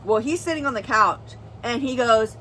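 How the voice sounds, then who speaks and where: A woman's voice: a little high, normal speed, sharp tone, slight background noise, low-quality recording. A young woman vlogger telling a serious personal story in an earnest, rambling way, full of "like" and "well". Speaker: family vlogger.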